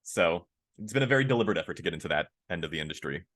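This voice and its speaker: A man, a voice actor, chatting casually in an interview, animated and candid, laughing easily. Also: very fast. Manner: animated, acts out quoted lines with big pitch jumps. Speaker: voice actor guest.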